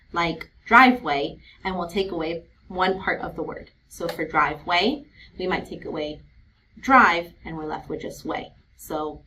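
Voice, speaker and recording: A woman's voice: on the low side, a bit bright, slight background noise, poor audio. Patient woman kindergarten teacher. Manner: clear, patient, slows to model words and letter sounds. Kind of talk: instructional video for parents.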